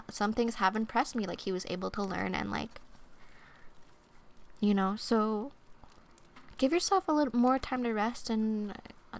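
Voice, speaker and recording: A young woman streamer giving oracle card readings in soft-spoken ASMR chat, casual and rambling with lots of fillers and playful asides. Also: medium pitch. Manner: playful, silly wordplay.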